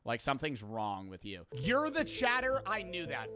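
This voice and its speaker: A man's voice: a little high, wildly swooping pitch, normal speed, a crowd in the background. A young man who streams, talking bluntly and casually with lots of fillers and swearing. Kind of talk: casual storytelling and reflection.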